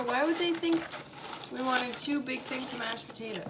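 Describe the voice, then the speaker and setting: Woman cracking dry jokes over food, higher voice, dishes clinking and hiss behind. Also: normal speed. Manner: wry, dry remarks. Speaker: mukbang co-host. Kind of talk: casual chat while eating. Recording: clear background noise, clinking dishes.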